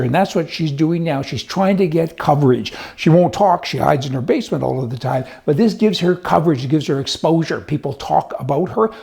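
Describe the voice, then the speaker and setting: Gravelly, folksy male news commentator. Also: on the high side, darkish tone. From United States. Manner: folksy, emphatic, chatty with asides.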